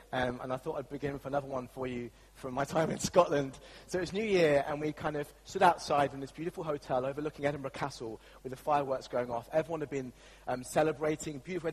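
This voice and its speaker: A man's voice: medium pitch, slightly rough, long reverb tail, poor audio. An English man preaching a sermon as the church pastor, telling a story in a chatty, anecdotal way with frequent fillers. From England.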